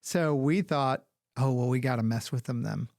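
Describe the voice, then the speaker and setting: A man's voice: medium pitch, moderate pace, gravelly, dry recording, studio quality. A man telling a long funny story in a casual podcast chat, acting out what others said and laughing often. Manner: animated, acts out quoted voices, laughs often. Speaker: podcast guest, agency founder.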